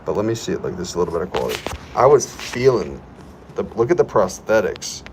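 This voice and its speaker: A man's voice: deep voice, sing-song, fairly quick, background noise. Playful man hosting a livestream. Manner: playful, reads chat aloud, hypes himself up. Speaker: livestream host. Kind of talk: casual livestream chat. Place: current location he names while streaming.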